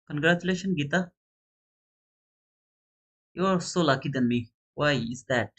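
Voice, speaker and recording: A man's voice: fairly high pitch, a little slow, slightly rough. Chatty man hosting a live giveaway. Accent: South Asian English. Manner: chatty, counting and reading names aloud, excitable bursts. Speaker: trading channel host running a giveaway. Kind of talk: casual live-stream chat.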